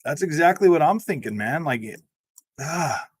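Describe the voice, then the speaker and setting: Speaking at a normal speed into a close desk mic, a young gaming host sounds a little high and animated, with a breathy edge. He rambles loosely through his livestream chat, saying "man" and "dude" a lot and laughing often, with no room sound.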